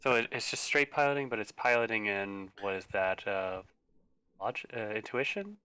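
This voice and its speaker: Eager male player; smooth, animated voice, dry recording. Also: lowish voice, normal speed, dry recording. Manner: eager, excitable. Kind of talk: playing a tabletop game.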